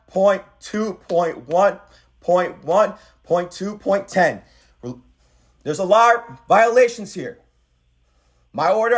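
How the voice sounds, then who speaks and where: High-pitched insistent man on speakerphone. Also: a bit bright. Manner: insistent, repetitive, talks over the other. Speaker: caller. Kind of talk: heated phone argument.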